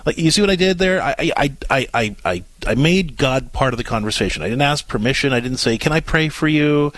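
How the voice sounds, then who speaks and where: Animated male radio advice host. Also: mid-range voice, dry recording. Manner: animated, fast, repeats words when starting sentences. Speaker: radio show host, parenting advisor. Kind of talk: advice call-in radio talk.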